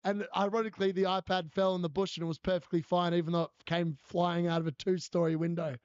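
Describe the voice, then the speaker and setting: Chatty, laughing high-voiced male streamer. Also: level tone, quick pace, darkish tone, clear, resonant tone, no echo. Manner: chatty storyteller, laughs often, answers chat. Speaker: fantasy football streamer. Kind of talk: casual live-stream chat. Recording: dull lo-fi stream audio.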